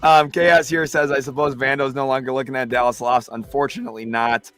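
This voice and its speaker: This man speaks quickly in a mid-range voice as he hosts a basketball livestream. Full of excitement, he reads chat messages out loud and analyzes trades.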